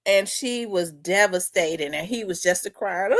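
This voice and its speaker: A woman's voice: mid-range voice, measured pace, a bit bright, no room sound. A woman host telling a story in casual chat, talking in winding asides and repeating herself.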